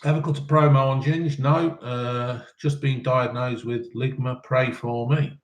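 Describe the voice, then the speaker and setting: A man's voice: mid-range voice, steady tone, measured pace, roomy sound. Blunt, sweary man in his fifties. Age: 50s. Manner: blunt, sweary, cheeky banter. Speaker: live-stream host reading chat questions. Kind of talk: casual live chat.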